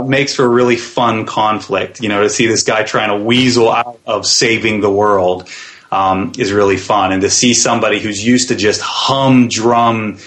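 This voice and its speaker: A man's voice: lowish voice, a bit bright. A man, guest on a podcast, describing his web series in a thoughtful interview style with plenty of fillers and restarts.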